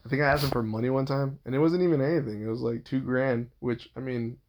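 A man telling a story about his father-in-law in casual talk, swearing constantly and voicing his own outbursts at a sharply raised pitch. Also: fairly even intonation, fast talker, gravelly, a little mellow, slight background noise. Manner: agitated, heavy swearing, pitch jumps on quoted outbursts. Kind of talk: casual profane storytelling rant.

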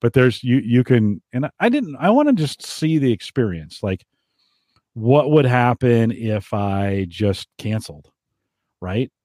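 A man's voice: mid-range voice, big pitch swings, a little slow, mellow, dry recording, clean studio sound. An American man hosting a gadget podcast in casual chat, chatty and laughing often, with many restarts. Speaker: podcast host.

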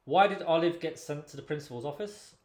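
A man co-hosting a casual comedy podcast with dry, low-key deadpan remarks. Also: brisk. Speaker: podcast co-host. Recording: roomy echo.

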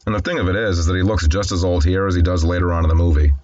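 A man's voice: sits low, steady tone, racing, a little mellow, lo-fi sound, a little hiss or hum. A man hosting film commentary, describing scenes and reading the dialogue aloud in a wry, conversational way. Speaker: host.

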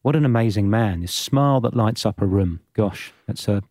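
A man hosting an interview podcast, speaking gently with small stammers. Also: on the low side, moderate pace. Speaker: podcast host. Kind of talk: interview conversation.

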